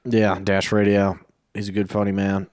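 A man with a fairly low voice co-hosts a comedy podcast. He talks offhandedly, swearing often. The sound is dry and close. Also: completely flat delivery, moderate pace, darkish tone, no echo. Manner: crude, profane, offhand. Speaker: podcast co-host. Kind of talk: casual comedy podcast banter.

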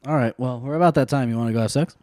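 A hoarse man co-hosting a podcast in casual chat, teasing and laughing often. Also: medium pitch, quick pace, a little mellow, dry recording, clean studio sound. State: hoarse from being sick. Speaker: podcast co-host.

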